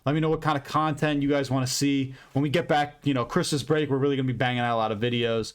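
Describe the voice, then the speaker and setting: A man's voice: medium pitch, steady tone, fast talker. A young man hosting a fight predictions channel, giving casual, profane, emphatic commentary with lots of rambling.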